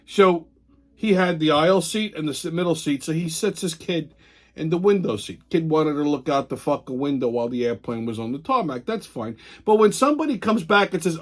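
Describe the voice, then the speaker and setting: A man's voice: sits high, expressive, brisk. A man hosting a show, delivering an angry, profane ranting commentary. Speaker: show host.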